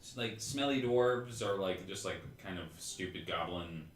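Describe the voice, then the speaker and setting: A man's voice: low voice, normal speed, reverberant, a little hiss or hum. A man narrating as game master of a tabletop game, in a casual, rambling way full of fillers.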